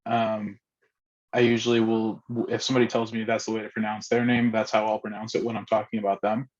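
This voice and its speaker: Hesitant man leading a discussion, flat-toned. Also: lowish voice, fairly quick, lo-fi sound. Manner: hesitant, many ums and restarts. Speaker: discussion facilitator. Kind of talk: online group discussion.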